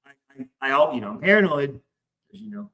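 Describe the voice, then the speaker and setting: A middle-aged man hosting a podcast, telling a story in a casual, excitable way and swearing a lot. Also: on the high side, quick pace, gravelly. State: stressed, hyped up. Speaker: podcast host.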